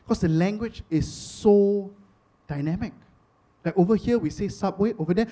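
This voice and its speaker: A man with a Singaporean accent performing a stand-up comedy set, chatty and animated, repeating lines for effect. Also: sits high, fairly quick. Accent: Singaporean English. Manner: animated, chatty, rhetorical repetition.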